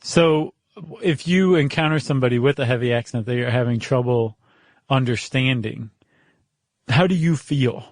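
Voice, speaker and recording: A man with a General American accent co-hosting a podcast in casual chat, playful and quick to laugh. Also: mid-range voice, no echo, studio quality. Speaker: podcast co-host.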